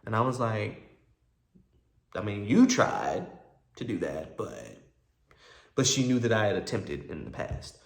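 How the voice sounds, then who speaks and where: A man telling a personal story to his viewers in a casual, animated way, acting out both sides of old conversations. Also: lowish voice, measured pace, gravelly, long pauses, echoey room.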